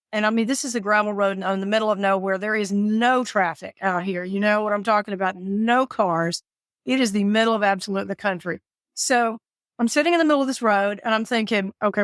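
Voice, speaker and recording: A woman from the southern United States tells her story as a podcast guest, animated and dramatic, and her voice leaps high whenever she acts out what someone said. Her pitch sits mid-range for a woman, and the recording is dry and close with no room sound. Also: no room sound. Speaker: guest, caregiver and author. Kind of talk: storytelling interview.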